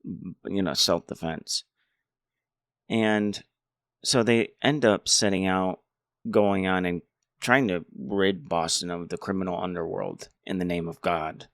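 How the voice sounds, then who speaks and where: A man's voice: low voice, fairly even intonation, slow, dry recording, studio quality. A man rambling casually through a movie review. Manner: rambling, many restarts. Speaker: movie commentator.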